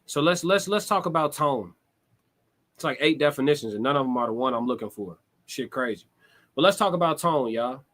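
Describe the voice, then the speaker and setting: A man's voice: mid-range voice, animated, a little fast, a bit bright. A young adult man, hosting a casual live-stream monologue in a conversational, reflective way, swearing freely. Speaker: livestream host.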